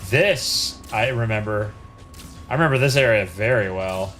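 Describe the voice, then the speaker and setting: A man streaming a video game live, chatting casually and talking to himself as he plays, with an occasional excited curse. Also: lowish voice, moderate pace, a little hiss or hum. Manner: casual, chatty, talks to himself while playing. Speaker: gaming streamer. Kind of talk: live gameplay commentary.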